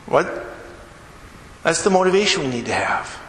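A man's voice: a little high, normal speed, heavy background noise. A man preaching a sermon as a pastor, telling stories animatedly and acting out the people in them. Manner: animated storyteller who acts out quotes. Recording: echoey hall, faint ambience.

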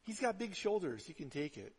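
Man, pastor, sermon, high voice, conversational preaching, long church reverb. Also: sing-song, fairly quick, slightly rough. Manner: conversational preaching, swings from hushed to loud emphatic.

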